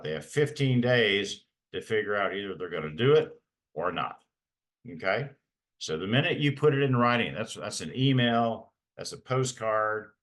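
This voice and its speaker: Man, middle-aged, very deep voice, emphatic training talk. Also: fairly bright tone. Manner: emphatic, repeats key points, frequent "okay?" check-ins. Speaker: parent advocate presenter. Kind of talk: training presentation.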